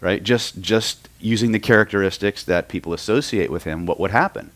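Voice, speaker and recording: A middle-aged hypnosis and NLP trainer from Oklahoma teaches a live seminar in a fairly low, fairly bright voice at a brisk clip. He tells stories and keeps checking in with the audience.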